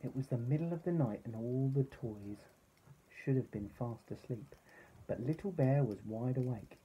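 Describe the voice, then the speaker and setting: A father reading a bedtime story aloud to his son, gentle and expressive. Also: mid-range voice, moderate pace, dull audio, a little hiss or hum.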